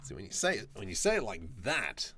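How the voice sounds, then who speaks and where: A man's voice: fairly low pitch, sing-song, brisk, bright, forceful tone, a little hiss or hum. A man chatting casually on a live stream while he works, reacting to viewer comments with jokes.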